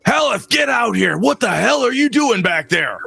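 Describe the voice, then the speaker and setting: A man voicing an angry father who shouts for the innkeeper. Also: extremely high pitch, very animated, normal speed, creaky, slightly rough, voice pushed up, exaggerated voice. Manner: shouting, bellowing. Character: angry loud father at a tavern table.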